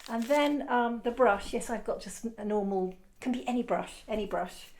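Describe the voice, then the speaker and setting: A woman's voice: fairly high pitch, moderate pace, darkish tone, slight background noise. A woman art teacher giving a casual, rambling demonstration lesson, encouraging and often correcting herself.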